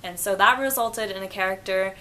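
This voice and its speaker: A young woman talks through a book review in a casual vlog, her voice bright and clear at an ordinary middle pitch. She is chatty and enthusiastic, musing aloud as she goes. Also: fairly quick, slight background noise.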